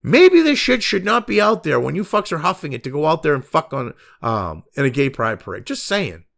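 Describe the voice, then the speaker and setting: Reacting to the news, a middle-aged commentary host swears nonstop in an angry, sarcastic rant. His fairly high, creaky, fairly bright voice moves briskly and swings widely in pitch.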